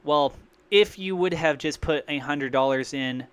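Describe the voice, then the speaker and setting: Excitable man, bright forceful voice. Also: fairly high pitch, a little slow, clear, resonant tone, dry recording. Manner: rambling, thinks out loud, excitable. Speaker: crypto livestream host. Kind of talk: live-streamed crypto commentary.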